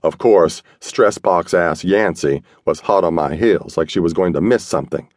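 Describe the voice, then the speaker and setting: A man narrating a first-person audiobook in a streetwise, slangy, gruff manner. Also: deep voice, moderate pace, no echo, studio quality.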